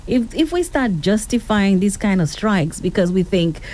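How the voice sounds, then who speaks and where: A woman's voice: mid-range voice, big pitch swings, normal speed, a little mellow. A woman from the Caribbean co-hosting a political talk show, indignant and outspoken. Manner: indignant, echoes the host, says "come on". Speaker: radio co-host.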